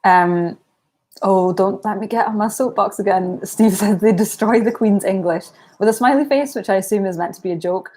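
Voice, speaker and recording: A woman's voice: mid-range voice, moderate pace, a little mellow. A young Scottish woman from Aberdeen, chatting casually on a writing livestream, rambling with plenty of ums and likes. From Aberdeen, Scotland. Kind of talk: casual live-stream chat.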